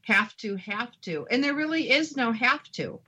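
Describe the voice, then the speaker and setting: A woman's voice: a little high, big pitch swings, moderate pace, bright, forceful tone, husky, lo-fi sound. A woman hosting a talk show, agreeing with her guest and adding brief reflections. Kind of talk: conversational interview.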